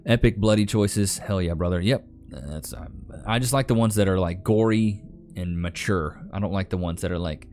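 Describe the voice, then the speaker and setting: A man's voice: low-pitched, moderate pace, a little mellow. A young man with a Texan Southern accent from Northeast Texas, casually chatting on a live stream and reading viewer comments aloud in a laid-back drawl. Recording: faint music in background.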